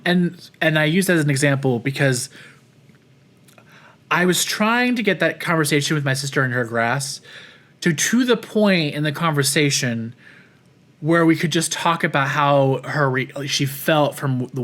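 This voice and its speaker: A man's voice: a little high, expressive, measured pace, fairly bright tone. A man hosting a podcast, talking through a personal check-in in a reflective, rambling way with many restarts and fillers. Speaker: podcast host.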